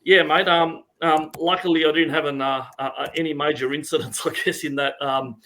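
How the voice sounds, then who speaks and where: Aussie bloke, kinda high voice, laughing through a story on a video call, um uh everywhere. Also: male voice, fairly even intonation, brisk, pushed and bright. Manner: laughing, hesitant, many fillers. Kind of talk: casual chat on a video call.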